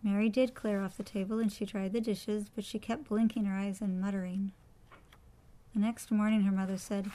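A woman reading a children's storybook aloud. Her delivery is expressive and practiced. The pitch sits in a middle range, with a storyteller's lilt. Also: normal speed.

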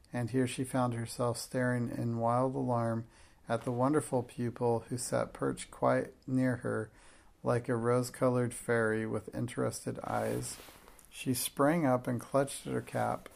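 A man reading a classic children's story aloud with steady, measured storytelling. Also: mid-range voice, creaky. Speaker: narrator. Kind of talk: audiobook narration.

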